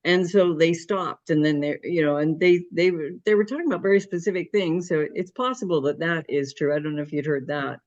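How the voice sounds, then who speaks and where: A woman's voice: sits low, fairly quick, hardly any pauses, a little mellow. A woman co-host asking a question, searching for words as she goes. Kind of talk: casual conversation. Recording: dull lo-fi call audio.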